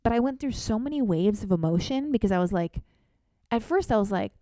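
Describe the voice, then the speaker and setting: A woman tells a comic personal story in a lively, theatrical way. She often pokes fun at herself. Her voice is mellow and warm, and it is recorded close and dry. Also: medium pitch, a little fast, no echo. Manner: animated, self-deprecating, theatrical. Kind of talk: comedic storytelling monologue.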